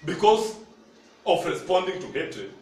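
Unhurried and sing-song, this man's high voice has a slightly mellow quality, with slight background noise. He preaches in a Kenyan accent, mixing Swahili and English and calling on the congregation, recorded from afar in an echoing church hall.

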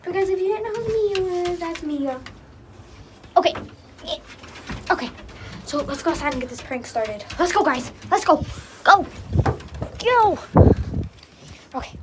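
A woman's voice: very high-pitched, animated, unhurried, long pauses. A woman chatting casually to camera outdoors, often telling her dogs to get down. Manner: chatty, scolding dogs between remarks. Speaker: vlogger. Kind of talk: casual vlog talk to camera. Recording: loud wind and background noise.

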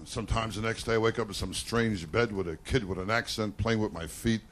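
A male stand-up comedian delivering rapid self-deprecating one-liners on a nightclub stage, often breaking in with "I tell you.". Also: on the low side. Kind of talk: live stand-up routine. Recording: noisy live club recording with crowd. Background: audience laughter and applause.

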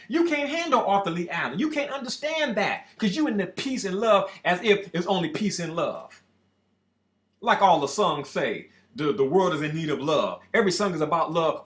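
Man, brash, profane, boastful, lively swinging pitch, roomy echo. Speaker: show host. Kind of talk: ranting monologue. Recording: echoey room.

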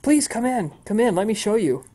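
A man's voice: high voice, sing-song, brisk, mellow, voice pushed up. A man voicing a cheerful, chipper female vampire who experiments on the living and the dead. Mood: gushing. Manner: bubbly and eager, with stammered restarts.

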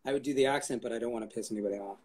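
A man's voice: mid-range voice, rapid-fire, darkish tone, slightly rough. A man chatting as an interview guest, rambling, swearing casually and cracking jokes. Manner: rambling, profane and jokey.

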